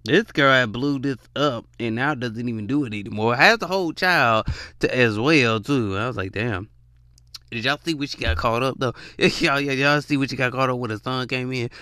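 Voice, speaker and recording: A man giving casual reaction commentary to viewers, animated and often laughing. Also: mid-range voice, moderate pace, no room sound, clean studio sound.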